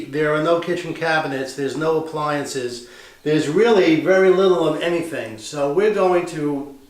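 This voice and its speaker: A man who invests in real estate, giving a casual, plain-spoken walkthrough of a house he is renovating, thinking aloud as he goes. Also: a little high. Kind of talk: walkthrough property tour. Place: empty house under renovation, indoors. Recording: echoey bare rooms.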